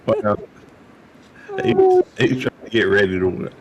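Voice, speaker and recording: A man's voice: on the low side, unhurried, crowd noise. A middle-aged man co-hosting a casual livestream chat, talking with many fillers and restarts. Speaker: livestream co-host.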